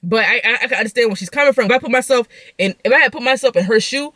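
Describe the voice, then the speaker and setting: A young woman venting through a story, talking in a profane, animated way. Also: fairly high pitch, rapid-fire, no echo. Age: young adult. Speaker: vlogger.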